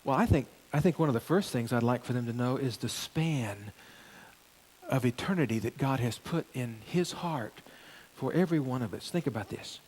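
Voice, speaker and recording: A man's voice: mid-range voice, moderate pace. A middle-aged male pastor preaching a sermon in church, pressing hard on key phrases and stepping through the verses to the congregation. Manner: animated preaching, rising emphasis on key phrases.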